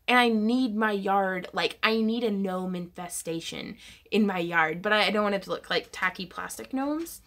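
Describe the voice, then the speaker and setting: A woman's voice: mid-range voice, moderate pace, fairly bright tone. A woman hosting a casual craft livestream, chatty and giggly, reading viewer comments aloud.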